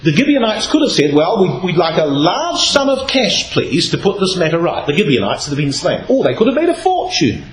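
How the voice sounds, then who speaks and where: Lively expressive man preaching. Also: on the high side, a little fast, hardly any pauses. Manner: expressive, reads scripture aloud with varied emphasis. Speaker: Bible speaker. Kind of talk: Bible exposition talk. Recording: echoey hall with faint noise.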